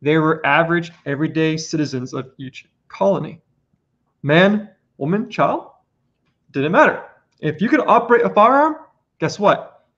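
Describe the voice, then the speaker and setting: An earnest man lays out his points on a casual podcast, pressing harder on each one. His voice sits a little high. The audio is dull and lo-fi. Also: animated, moderate pace, fairly bright tone. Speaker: podcast guest presenter. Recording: lo-fi muffled audio.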